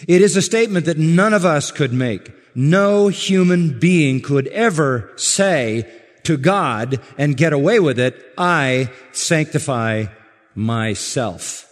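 A man preaching a sermon to a congregation, measured and emphatic, stressing words slowly. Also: a little high, animated, long reverb tail. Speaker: pastor.

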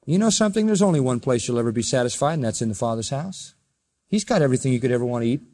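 A man preaching a sermon, telling the story with emphasis and swinging between loud and soft passages. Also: medium pitch, lively intonation, rapid-fire. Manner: storytelling, emphatic, rises and drops in volume. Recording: long reverb of a large hall.

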